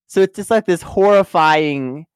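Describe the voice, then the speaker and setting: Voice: medium pitch, measured pace, clear, resonant tone, no room sound, clean studio sound. A podcast co-host in casual review chat, talking loosely with lots of filler words and easy laughter. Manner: chatty, many "like" fillers, laughs easily.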